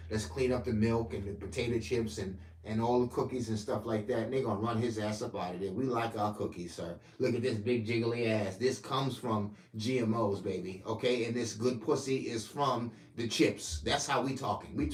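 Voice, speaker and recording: A man delivering a profane ranting political monologue to camera, swinging between loud outbursts and low mutters. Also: echoey room. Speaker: political commentator.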